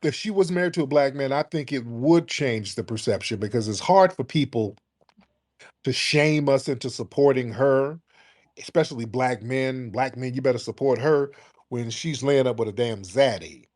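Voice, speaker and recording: Brash, profane talk show host. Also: male voice, mid-range voice, normal speed, a little mellow. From United States.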